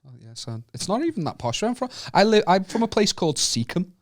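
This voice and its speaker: A man's voice: sits high, fast, dry recording, studio quality. A young man from Wallasey with a Merseyside accent, telling sweary comedy stories on a podcast. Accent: Merseyside English. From Wallasey, England. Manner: sweary, animated storytelling. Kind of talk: casual chat.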